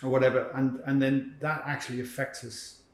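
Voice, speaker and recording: A man hosting a podcast, reflecting thoughtfully in conversation and pausing to search for words. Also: medium pitch, little pitch movement, darkish tone. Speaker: podcast host. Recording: roomy echo.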